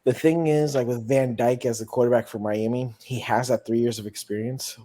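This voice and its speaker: A man's voice: medium pitch, steady tone, fairly quick, warm tone. A young man hosting a casual sports podcast, easygoing and laughing often as he asks for predictions. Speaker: podcast host leading picks.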